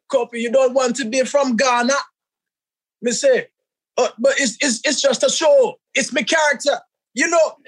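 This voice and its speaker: Man doing a Jamaican accent, boastful showman, shouty, exaggerated. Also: very high voice, pitched above the performer's own voice, full character voice. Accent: Jamaican, put on. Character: brash man with a loud Jamaican accent, money-hungry showman.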